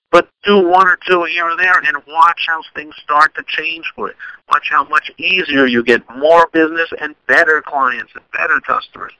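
Man, podcast host, solo advice monologue, rambling and chatty, very bright cutting tone, dry close sound. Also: on the high side, dry recording, low-quality recording. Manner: rambling, conversational, frequent restarts and asides.

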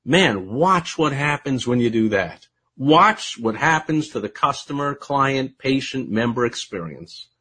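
A man ranting in a casual live video outdoors by a pool, animated, swinging between loud outbursts and quiet asides. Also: mid-range voice, slightly rough. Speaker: livestream host.

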